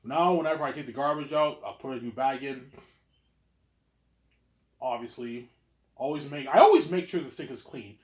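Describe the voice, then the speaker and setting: A man's voice: medium pitch, normal speed, long pauses, darkish tone. Rambling, stammering young man in an echoey room. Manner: repetitive, stammering restarts. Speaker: vlogger. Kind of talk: rambling casual monologue.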